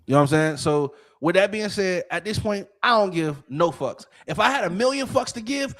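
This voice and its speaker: High-voiced man telling a profane story. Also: a little fast. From Florida. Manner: profane and animated, repeating "you know what I'm saying". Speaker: podcast co-host. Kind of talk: casual storytelling chat.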